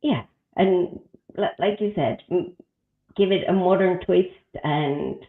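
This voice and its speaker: Female host, halting speech, tinny echoey call line. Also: on the low side. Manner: halting, with many fillers and restarts. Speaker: host, headhunter. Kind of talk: casual video-call chat. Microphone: video call.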